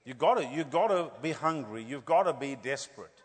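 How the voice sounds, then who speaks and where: A middle-aged man preaching a lively revival sermon, jumping between loud declarations and quiet joking asides. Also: mid-range voice, fairly quick, breathy edge. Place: large church hall. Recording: church hall with long reverb.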